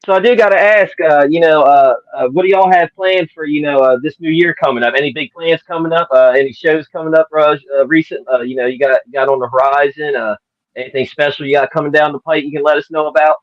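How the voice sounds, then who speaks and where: A man's voice: fairly high pitch, steady tone, fast, dry recording. Podcast co-host guy rambling with lots of uh and you know, dull dry lo-fi sound. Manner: rambling, full of fillers. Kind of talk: casual interview chat.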